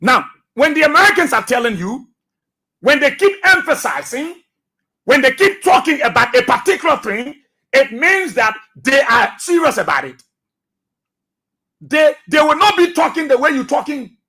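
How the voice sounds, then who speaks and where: Very animated and speaking at normal speed, a man with a very high, pushed, bright voice hosts a radio talk show from the studio. His Liberian English accent carries an emphatic commentary monologue laced with repeated phrases and rhetorical questions.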